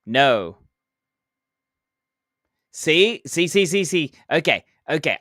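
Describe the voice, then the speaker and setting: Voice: medium pitch, sing-song, takes it slowly, pauses often, fairly bright tone, no echo, studio quality. A game streamer chatting casually while playing, answering chat, counting down jumps and making playful sound effects.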